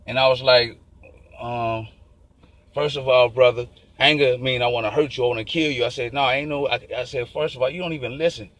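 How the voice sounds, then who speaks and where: A man telling a long story in a casual, animated and profane street style. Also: mid-range voice, poor audio. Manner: profane, animated, fast-talking.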